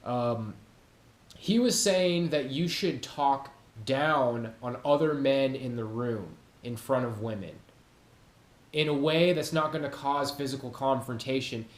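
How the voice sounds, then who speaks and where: A man's voice: mid-range voice, a little slow. A man talks off the cuff on his own channel, slangy and full of swearing, laughing now and then at his own jokes. His voice sits mid-range. The room gives it a noticeable echo. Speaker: YouTube channel host. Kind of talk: casual monologue to camera. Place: home room with cats.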